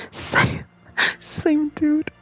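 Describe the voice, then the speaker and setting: A woman's voice: drawn-out words, fairly bright tone, low-quality recording. A young woman rambling in casual chat, laughing often and swearing freely.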